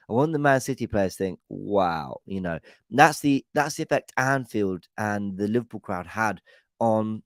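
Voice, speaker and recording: A man's voice: lowish voice, no room sound. A young man hosting a live fan pre-match chat, talking eagerly and rambling as he reads out viewer comments. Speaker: fan channel host.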